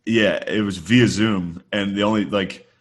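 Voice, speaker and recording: Low-voiced man in casual podcast banter. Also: fairly even intonation, unhurried. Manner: swearing, laughing, playful impressions. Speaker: podcast co-host.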